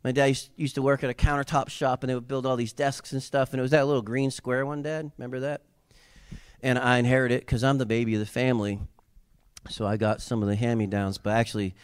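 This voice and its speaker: A man preaching a sermon as a pastor, building to loud emphatic peaks and dropping into relaxed, joking asides to the congregation. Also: mid-range voice, no echo, studio quality. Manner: conversational asides with humor.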